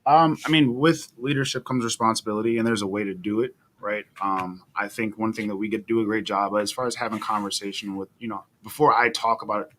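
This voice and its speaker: A man's voice: on the low side, steady tone, fairly quick, hardly any pauses, fairly bright tone, a little hiss or hum, poor audio. A man co-hosting a podcast, talking about leadership in an earnest, reflective way. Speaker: podcast co-host. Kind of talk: casual podcast talk.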